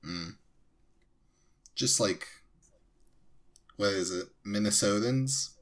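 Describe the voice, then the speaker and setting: A man's voice: lowish voice, slow pace. A young man co-hosting a podcast, laid-back in casual chat with short replies. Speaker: podcast co-host.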